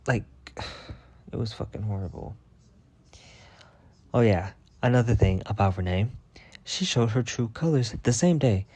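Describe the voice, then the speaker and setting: A vlogger rants about something that happened at work, casual and heated, swearing nonstop and sounding thoroughly fed up. His voice is lowish, darkish and husky, and his tone is profane and exasperated.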